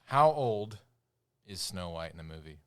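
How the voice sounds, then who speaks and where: A man's voice: deep voice, big pitch swings, unhurried, clear, resonant tone. A man co-hosting a casual podcast, running a trivia quiz and teasing the others with frequent laughs. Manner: teasing quizmaster, laughs often.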